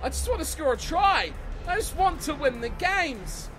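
A man giving excitable let's-play commentary on a rugby video game, swearing and yelling at his own team. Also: extremely high pitch, moderate pace, some chatter behind. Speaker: gaming channel host. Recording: game music playing behind the voice.

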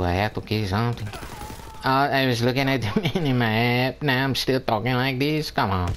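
A gameplay commentator narrates his own online shooter match in a casual way, trash-talking opponents playfully and laughing a lot. His voice sits at medium pitch and moves at a normal speed, with a little hiss or hum in the recording.

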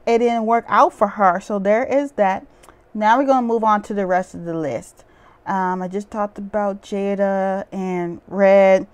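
A woman's voice: mid-range voice, darkish tone. A woman vlogger giving a casual, opinionated recap of a reality TV show, rambling with lots of "um" and "like" fillers and blunt asides. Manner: rambling, chatty, with frequent "um" and "like" fillers.

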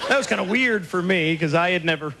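A man performing a stand-up comedy set on a club stage, firing off deadpan one-liners with sudden loud outbursts. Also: high voice, fast talker. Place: comedy club stage before a laughing audience. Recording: live club recording, loud crowd and noise.

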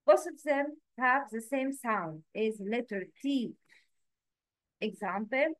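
A woman with a slightly raised voice explains letter sounds at a very slow, deliberate pace. She spells out each sound one by one, like a patient teacher. The recording is dry and close, with no room echo. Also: a little high, expressive. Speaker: Quran pronunciation teacher. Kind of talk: slow, careful teaching with repeated example sounds.

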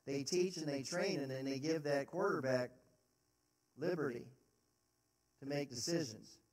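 Man, pastor, sermon, emphatic rhetorical questions, unhurried, distant mic. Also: medium pitch, darkish tone. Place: church sanctuary. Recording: roomy sound from a distant mic.

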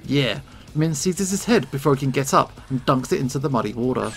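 Expressive man reading a story game. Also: medium pitch, fairly quick, soft background music. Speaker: let's play host.

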